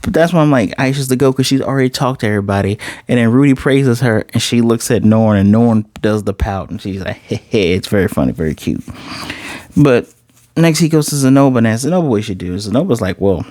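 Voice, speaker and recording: A man casually recapping and reviewing an anime episode, animated, slipping into quoted dialogue as he retells scenes. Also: mid-range voice, fast talker, no echo, clean studio sound.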